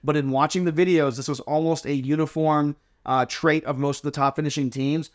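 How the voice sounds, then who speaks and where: A man, a drill team coach, casually explaining inspection answers step by step and acting out sample replies. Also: a little high. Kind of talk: casual instructional chat.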